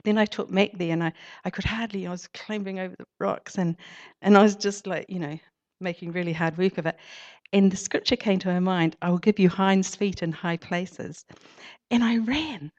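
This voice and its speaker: A woman's voice: medium pitch, fairly even intonation, moderate pace, darkish tone. A woman giving an informal church talk, reading a story aloud and then rambling through personal reflections with fillers. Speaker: church speaker. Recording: dull lo-fi recording.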